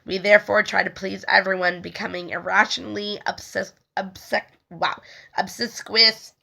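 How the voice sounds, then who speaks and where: Young woman with a bright, gravelly voice, casual spiritual talk, rambling with lots of fillers. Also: medium pitch, fairly even intonation, moderate pace. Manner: rambling, frequent "like" fillers, stumbles over words and laughs. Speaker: spiritual healing video host. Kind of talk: casual talk reading aloud from a text.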